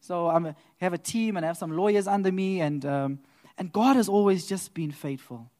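Animated man preaching a testimony. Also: sits high, moderate pace. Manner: animated storyteller who laughs and swells into loud exclamations. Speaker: lay preacher giving a testimony. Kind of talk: church testimony building into preaching.

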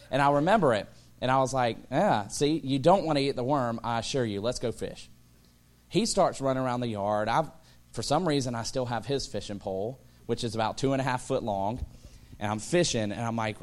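This pastor, in his thirties, has a fairly high voice and a brisk delivery. His sermon is full of humorous personal stories, acted-out voices, and excited shouting.

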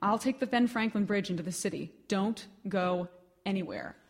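A woman's voice: medium pitch, normal speed, close to an everyday voice. A woman reading a story, voicing a worried friend on the phone, urgent and reassuring. The voice stays close to the reader's own.

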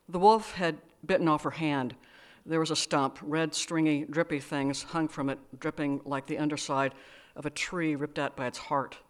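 A woman's voice: sits low, steady tone, normal speed. Wry woman reading her story aloud. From United States. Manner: wry, dry asides, hesitant fillers. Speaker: author reading her work. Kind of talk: live literary reading with asides.

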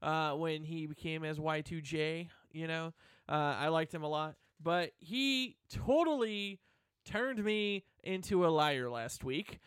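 A man hosting a rock radio show, talking fast and teasing his co-host. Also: on the high side, a bit bright, clean tone, dry recording, studio quality. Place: radio studio.

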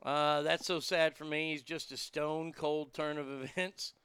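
A man's voice: on the high side, flat delivery, a little slow, fairly bright tone, clean tone, dry recording, clean studio sound. A man riffing crude, mocking jokes in a casual comedic monologue, chuckling at his own lines.

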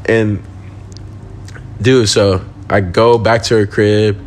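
A man's voice: on the low side, level tone, slow pace, a little hiss or hum. A young man, a podcast guest, telling a story in casual, slangy speech full of swearing and laughing.

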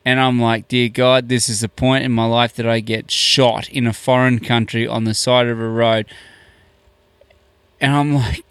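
A man's voice: mid-range voice, normal speed, clear, resonant tone, dry recording. A man, a podcast guest telling a long story casually and acting out the dialogue. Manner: animated, acts out quoted dialogue with many "I'm like".

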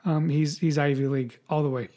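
A man's voice: fairly high pitch, steady tone, a little fast, warm tone. A man co-hosting a podcast, chatting casually about politics in a rambling, mocking way, repeating words and swearing. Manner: profane, mocking. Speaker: podcast co-host.

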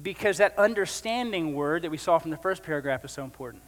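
A man's voice: on the high side, animated, quick pace, big-room sound. A male pastor preaching a sermon in a conversational way, with joking asides.

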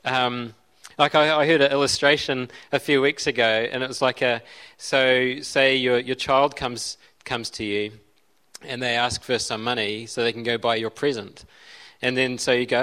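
A man's voice: medium pitch, moderate pace, sharp tone. A man preaching a sermon as a pastor, conversational, with frequent restarts and side remarks. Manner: conversational, self-interrupting with restarts and asides.

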